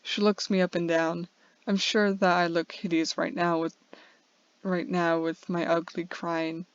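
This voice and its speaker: A woman's voice: fairly low pitch, flat delivery, a little slow, clear, resonant tone, no echo. Woman reading a first-person story. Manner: earnest, with small slips and restarts. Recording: dull, dry lo-fi home recording.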